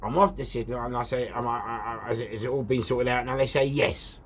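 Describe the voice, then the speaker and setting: This English host, speaking with a London accent, uses a mid-range voice at a slightly fast pace. In a casual storytelling monologue on his own show, he rants animatedly and repetitively, firing off rhetorical questions and shouting out now and then.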